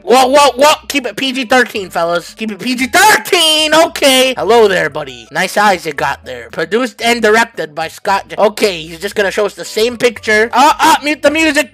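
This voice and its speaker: A man hosting a comedic reaction video, talking to viewers as boys and fellas and breaking into yelps and shouts. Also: high voice. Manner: hyped, jokey, bursts into yelps and shouts. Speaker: YouTuber.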